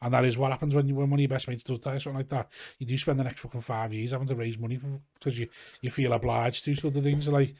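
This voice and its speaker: A man's voice: medium pitch, level tone, fast talker, hardly any pauses, dark tone, dry recording, clean studio sound. A man from Liverpool with a Scouse accent, a comedian chatting casually as a podcast guest, rambling and swearing freely. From Liverpool, England. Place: garage studio.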